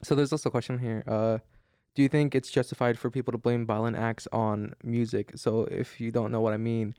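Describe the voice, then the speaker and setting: A man's voice: mid-range voice, little pitch movement, a little fast, warm tone, clean tone, dry recording, clean studio sound. A tired young man hosting a casual chat, rambling with lots of restarts. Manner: rambling, many restarts and fillers. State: tired, yawning. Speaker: podcast host.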